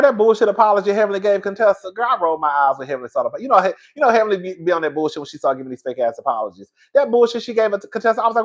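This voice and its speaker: A man giving a sassy, animated live-stream review, reading chat as he goes, calling viewers "girl", laughing often and swearing freely. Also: sits high. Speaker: reality TV show reviewer.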